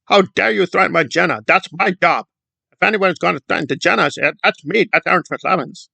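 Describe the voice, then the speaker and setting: A man's voice: high-pitched, a little fast, vocal fry, bright, forceful tone, no room sound, pitched above the performer's own voice, exaggerated voice. A man mocking a pompous, self-important man. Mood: mock-indignant. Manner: indignant, boastful, sarcastic parody.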